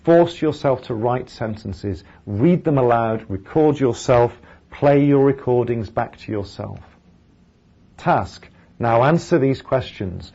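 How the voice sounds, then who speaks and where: A man's voice: medium pitch, animated, takes it slowly, dark tone, lo-fi sound. A male English teacher gives a recorded lecture over slides, explaining each step and then modelling sample sentences aloud.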